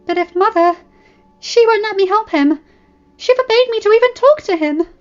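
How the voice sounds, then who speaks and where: A woman plays a timid young noble girl, pitched well above her own voice and rushing out anxious pleas. The recording is a little dull, with soft music behind it. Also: expressive. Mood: anxious pleading. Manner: high, anxious pleading.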